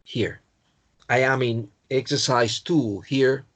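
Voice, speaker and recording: Slow, halting Spanish-accented English teacher. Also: male voice, mid-range voice, fairly even intonation, a bit bright. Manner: halting, repeats and corrects himself, apologetic. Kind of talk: online exam-prep lesson.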